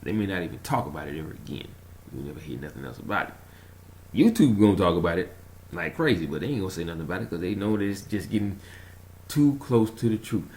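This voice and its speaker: A man rambling through a casual vlog monologue, telling a story in an animated way, chuckling and trailing off while he searches for words. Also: low-pitched, quick pace, a little hiss or hum. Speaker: conspiracy vlogger.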